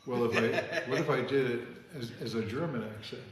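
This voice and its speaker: A man co-hosting casual drinks-time chat at a home bar rambles through anecdotes, frequently adding "okay?". His mid-range voice moves fairly quickly, and the recording has long room reverb and faint hiss.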